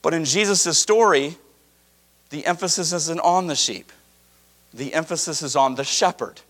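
High, bright-voiced male preacher. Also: normal speed. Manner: animated, emphatic preaching with casual asides. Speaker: pastor. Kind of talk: sermon.

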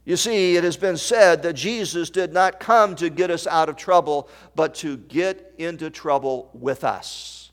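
A male pastor delivering a sermon in an unhurried, measured cadence. His voice sits a little high, and he quotes old-style scripture, swinging between soft near-whispers and ringing emphasis. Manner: quoting King James scripture.

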